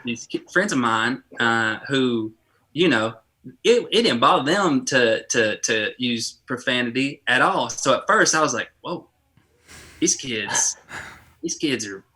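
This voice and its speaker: A man co-hosting a church podcast, telling a childhood story in a lively, chatty way with many restarts. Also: medium pitch, a little slow. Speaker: podcast co-host. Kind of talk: casual storytelling chat.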